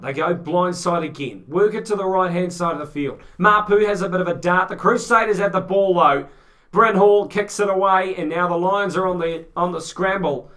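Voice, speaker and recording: A man with a New Zealand accent doing excitable, joking amateur play-by-play rugby commentary. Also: sits high. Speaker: fan commentator.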